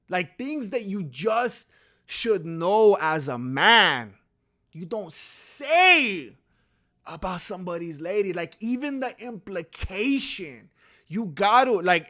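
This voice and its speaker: A man hosting a casual commentary channel, telling an animated story with frequent restarts, laughing and acting out other people's lines. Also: high voice. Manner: animated storytelling, acts out quotes in shouty voices. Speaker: channel host.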